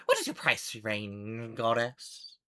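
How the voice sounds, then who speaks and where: A man voicing an eccentric, excitable female gnome shopkeeper who gushes and swears in a high, bright voice. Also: takes it slowly, smooth, exaggerated voice. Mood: excited, eccentric. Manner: gushing, squealing, swears a lot.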